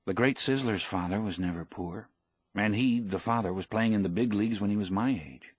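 A man's voice: on the low side, a little fast, breathy edge, dry recording, highs cut off. A man voicing a devoted young boy in a book reading, speaking eagerly and earnestly.

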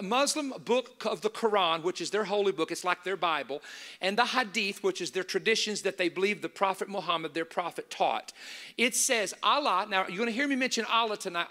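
A man's voice: high voice, animated, moderate pace, bright, forceful tone. A male preacher giving an emphatic sermon to a live audience, stressing and repeating key points.

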